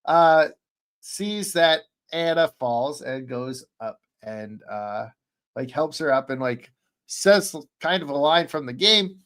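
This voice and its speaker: A man on a streamed podcast call, recapping an anime in a rambling, excitable way, full of fillers and restarts. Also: fairly high pitch, slow pace, smooth. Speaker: podcast panelist. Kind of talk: casual chat, recapping an anime.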